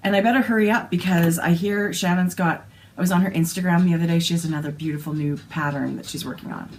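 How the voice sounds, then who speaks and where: A woman's voice: fairly low pitch, fairly even intonation, fast talker, a little hiss or hum. A Canadian woman co-hosting a casual knitting podcast, talking in a gushing, enthusiastic way. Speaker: podcast co-host.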